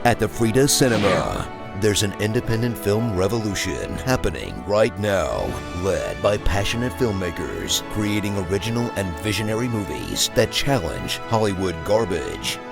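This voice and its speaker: A man narrates an epic, mock-grand trailer-style intro in a low, gravelly voice. His delivery swings widely and cuts to sarcastic asides, with music playing clearly underneath. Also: big pitch swings, normal speed, few pauses.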